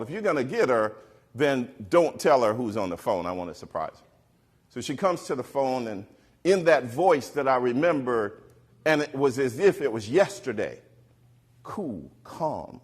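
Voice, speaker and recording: A middle-aged man on stage telling a personal story to an audience, animated and acting out the voices of the people he quotes. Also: mid-range voice, slightly rough. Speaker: keynote speaker. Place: stage before a live audience.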